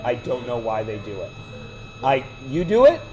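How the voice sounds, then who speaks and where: A man's voice: medium pitch, wildly swooping pitch, normal speed, dark tone, slight background noise, rough recording. A man teaching math to a class, lecturing with chatty, joking side stories. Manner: chatty, digressive, joking asides.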